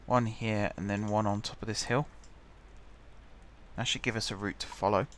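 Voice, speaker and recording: A man's voice: lowish voice, steady tone, normal speed, a bit bright, a little hiss or hum. Man talking to himself over a game. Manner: chatty, muttering to himself while building. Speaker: gaming channel host. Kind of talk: casual game commentary.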